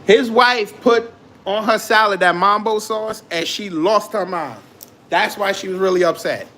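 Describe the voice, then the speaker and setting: High-voiced man mocking with laughter. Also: a little slow, bright, forceful tone, a little hiss or hum. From immigrant to the United States. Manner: joking, mocking, laughs often. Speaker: commentary show host. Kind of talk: casual reaction commentary.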